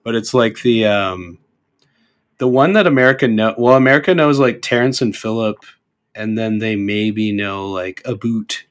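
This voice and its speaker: Canadian guy in his twenties just chatting, kinda low voice, rambles, lots of ums and restarts. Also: smooth. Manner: rambling, halting, with many fillers and self-corrections. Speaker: podcast guest. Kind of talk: casual chat.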